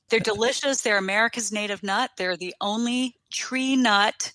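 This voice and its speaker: A woman's voice: medium pitch, steady tone, normal speed, hardly any pauses, sharp tone, no room sound. A woman from Washington, D.C., a company CEO, telling stories with ease as a guest in a casual interview.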